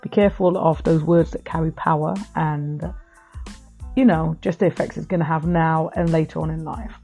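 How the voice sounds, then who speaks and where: Middle-aged woman podcasting, earnest and heartfelt, low gravelly husky voice, faint music behind. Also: fairly even intonation, normal speed, mellow, muffled recording. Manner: earnest, heartfelt storytelling to listeners. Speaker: podcast host. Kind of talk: personal reflective podcast talk.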